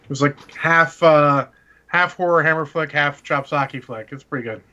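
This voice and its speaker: A man's voice: on the high side, normal speed, bright, forceful tone. A man hosting a podcast in casual chat, blunt and opinionated. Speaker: podcast host. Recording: slightly dull, lo-fi mic.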